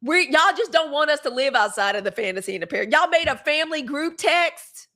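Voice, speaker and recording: A woman's voice: sits high, lively intonation, a little fast, sharp tone. A young woman from Mississippi, hosting a live show in casual, gossipy chat, cursing freely. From Mississippi, USA.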